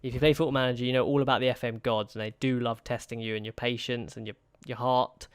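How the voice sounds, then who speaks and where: With a smooth, medium-pitched voice that barely shifts in pitch, a young YouTuber talks quickly through a football management game, anxiously pleading with his players and muttering to himself in casual commentary. There is no room sound.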